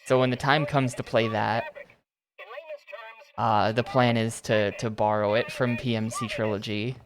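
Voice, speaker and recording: A man's voice: medium pitch, fairly even intonation, measured pace, background noise. Rambling male streamer. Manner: rambling, hedging with lots of "like". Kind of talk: casual gameplay commentary.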